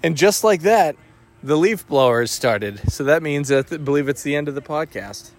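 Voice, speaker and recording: A man with a slightly high voice hosts a casual podcast. He rambles through jokes with frequent restarts and halting phrases. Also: expressive. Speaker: podcast host.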